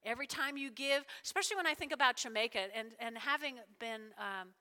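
A woman preaching a sermon in a lively, animated way, checking in with the congregation with frequent "all right?" and "right?". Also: high voice, quick pace. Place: church sanctuary. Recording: long hall reverb.

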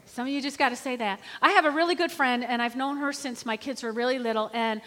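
A middle-aged woman preaching a sermon in an animated, conversational way, often calling for the congregation to respond. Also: high-pitched, fast. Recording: reverberant hall.

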